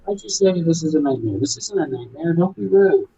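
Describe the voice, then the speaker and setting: A man's voice: fairly high pitch, lively intonation, creaky, dark tone, slightly rough. A young man streaming a game, bantering with a co-host in an exasperated, bossy way. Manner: exasperated, bossy, quick to snap. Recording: slightly dull, lo-fi mic.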